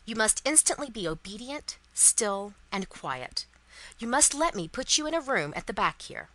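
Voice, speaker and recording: A woman's voice: fairly high pitch, big pitch swings, normal speed, a bit bright, no room sound, rough recording. A woman voicing an anxious, commanding old male banker in a storybook reading, giving urgent commands.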